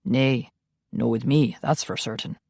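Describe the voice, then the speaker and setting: A woman reading an audiobook voices a grumpy vampire guard in a gruff, clipped manner. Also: low voice, expressive, moderate pace, dry recording, clean studio sound. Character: gruff young-looking Scottish vampire guard, old and grumpy.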